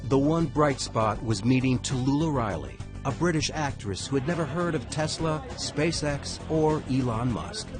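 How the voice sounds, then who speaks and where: A man giving scripted documentary narration in a measured, dramatic way. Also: mid-range voice. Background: music.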